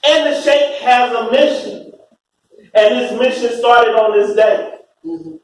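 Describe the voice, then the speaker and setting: Middle aged american guy preaching hard, voice up high, super roomy echo, mic kinda far. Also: a little hiss or hum. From United States. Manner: fervent preaching, rising to shouts. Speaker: speaker at a religious gathering. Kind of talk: impassioned religious address. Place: large room full of people. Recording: very echoey hall, mic far off.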